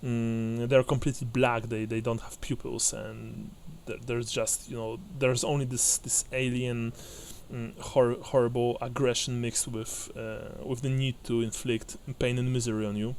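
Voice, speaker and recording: A man narrating as game master of a tabletop game, hesitant with many fillers and restarts, often breaking into quick laughs. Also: medium pitch, flat delivery, darkish tone, slight background noise.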